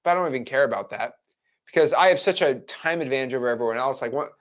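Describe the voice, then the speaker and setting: A man's voice: medium pitch, fast. A man in his twenties giving a blunt, frank motivational talk to camera as a real estate wholesaling coach. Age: 20s.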